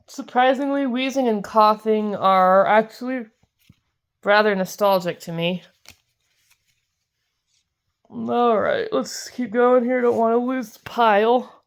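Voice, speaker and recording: Giggly woman with a smooth voice. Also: a little high, slow, long pauses. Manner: chatty and giggly, gushing over cute cards. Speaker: card-collecting video host. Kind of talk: casual pack-opening commentary.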